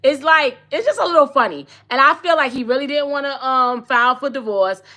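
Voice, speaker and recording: A woman's voice: high voice, fairly quick, bright, forceful tone. A woman in her forties hosting a podcast, giving blunt, sassy, slang-filled gossip commentary in a casual chat. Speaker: podcast host.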